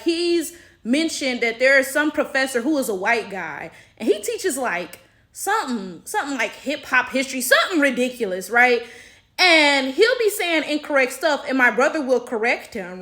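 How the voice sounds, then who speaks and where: A commentary vlogger from the United States speaks in a fairly high, sharp voice with an African American English accent. Her opinion commentary is blunt and exasperated, and she swears freely.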